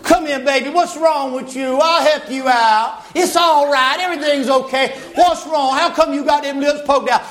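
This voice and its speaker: A man's voice: very high-pitched, moderate pace, hardly any pauses, a bit bright, voice pushed up. A man preacher voicing a doting queen who babies her sulking husband in a cooing, motherly way. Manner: cooing, babying. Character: doting queen Jezebel, coddling motherly woman.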